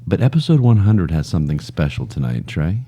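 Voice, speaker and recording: Deep-voiced joking podcast host, man. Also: big pitch swings, brisk, dark tone. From Scotland. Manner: joking, self-deprecating storyteller. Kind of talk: casual podcast banter. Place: studio.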